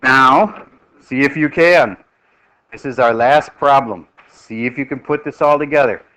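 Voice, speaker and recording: A middle-aged man teaching a math class, lively and joking as he quizzes his students. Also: medium pitch, unhurried, rough recording.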